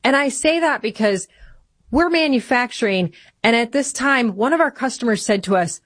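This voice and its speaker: A woman's voice: a little high, expressive, moderate pace, dry recording, studio quality. A woman hosting a political talk radio show, speaking urgently and repeating points for emphasis. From Michigan. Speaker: radio host.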